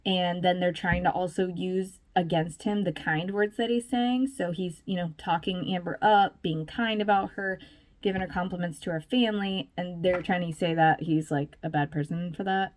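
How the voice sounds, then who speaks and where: A woman's voice: on the low side, moderate pace. A woman vlogger giving casual, chatty commentary, full of fillers and little laughs.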